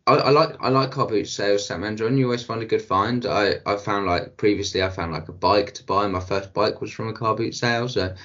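A man's voice: lowish voice, brisk, hardly any pauses, a bit bright. A man co-hosting an improvised comedy podcast, playfully going along with the bit. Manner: playful, goes along with the bit, frequent restarts. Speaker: podcast co-host. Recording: dull lo-fi recording.

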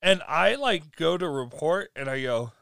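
A man telling stories in casual conversation, animated and laughing often. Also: on the high side, normal speed, gravelly, no room sound.

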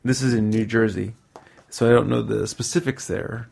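A man's voice: on the low side, steady tone, normal speed, gravelly, darkish tone, slightly rough. A man hosting a podcast in casual chat, rambling and correcting himself, with easy laughs. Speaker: podcast host.

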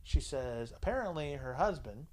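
A man's voice: mid-range voice, animated, normal speed. A man hosting a casual chat, telling a story bluntly and crudely, with lots of swearing, and acting out the dialogue himself. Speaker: podcast host.

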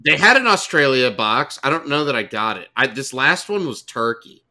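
A man's voice: mid-range voice, sing-song, moderate pace, sharp tone. A man co-hosting a podcast, joking and teasing in casual chat. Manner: joking, teasing, laughs a lot. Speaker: podcast co-host.

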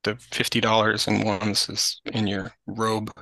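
A man's voice: fairly low pitch, measured pace, vocal fry, dry recording, poor audio. A young man, a podcast guest, chatting casually about caring for his mother, using lots of "like". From Greek family background. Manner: chatty, lots of "like", animated retelling. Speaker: podcast guest, family caregiver. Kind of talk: casual conversational storytelling.

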